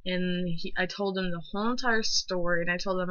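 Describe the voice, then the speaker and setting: A woman's voice: fairly low pitch, fairly quick, few pauses, no room sound, lo-fi sound. A teenage girl vlogging at home, ranting angrily and swearing hard as she tells a story. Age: teens. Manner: angry, animated ranting with heavy swearing.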